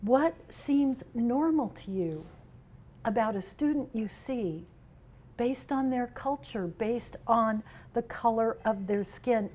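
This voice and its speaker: A middle-aged woman speaks at a conference, with a fairly high voice. She is humorous and expressive, swinging between loud, playful asides and quieter serious points. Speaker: union president giving a keynote. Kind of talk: conference speech with personal stories. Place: conference hall.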